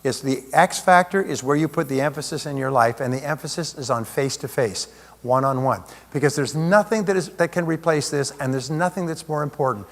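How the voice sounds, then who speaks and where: A man's voice: fairly high pitch, brisk. Man giving a seminar talk in a reverberant hall. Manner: conversational, asks rhetorical questions. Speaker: motivational speaker.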